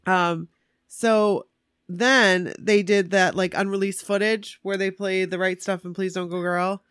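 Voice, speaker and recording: A woman excitedly recounting a concert to a friend in casual chat, gushing and animated. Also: medium pitch, a little slow, smooth, no room sound, clean studio sound. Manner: animated, gushing fan storytelling.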